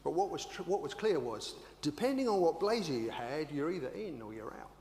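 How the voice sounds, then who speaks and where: An older man, an English minister, preaching a sermon with animated, rhetorical storytelling. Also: fairly high pitch, brisk. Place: church. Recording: echoey church hall with hum.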